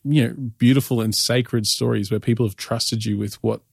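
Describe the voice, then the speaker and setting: An Australian man interviews a guest as a pastor and host, working through long, thoughtful questions. His pitch sits in the middle range. The recording is close and dry. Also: fairly even intonation, moderate pace, creaky, a little mellow, slightly rough, dry recording.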